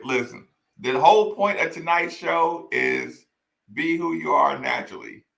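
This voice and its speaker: Laughing high-voiced man. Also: creaky, sharp tone, roomy sound. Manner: laughs often, repeats lines, addresses "y'all". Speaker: host reacting to old game footage. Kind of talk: casual chat.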